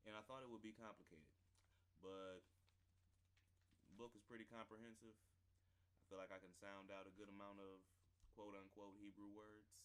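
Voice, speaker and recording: A man casually working through a textbook lesson on camera, reading passages aloud and slowly sounding out syllables, rambling between them. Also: fairly low pitch, flat delivery, a bit bright, clear, resonant tone, low-quality recording. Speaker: self-taught learner presenting a lesson. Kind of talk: casual vlog-style lesson.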